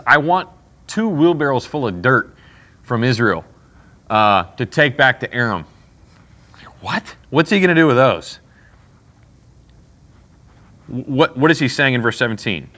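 A man's voice: on the high side, pushed and bright. A man teaching a casual Bible class, asking the group questions and retelling scripture in slang.

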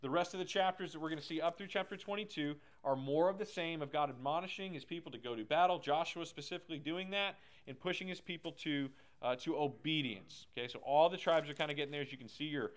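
A man teaching a lively Bible lesson who keeps checking in with the class and retells scripture in casual slang. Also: fairly high pitch, fast, hardly any pauses. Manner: chatty, keeps asking "right?", paraphrases scripture in slang.

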